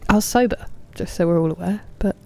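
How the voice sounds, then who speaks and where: Low gravelly woman chatting on stream. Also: fast. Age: 30s. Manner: chatty, reads and answers chat, mutters softly to herself. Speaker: game streamer. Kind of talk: casual live-stream chat while gaming.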